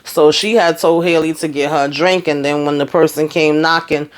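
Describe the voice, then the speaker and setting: Animated man rambling through a TV recap. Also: on the high side, normal speed, smooth. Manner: animated, rambling storytelling with lots of fillers. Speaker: TV show reviewer. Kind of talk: casual episode recap.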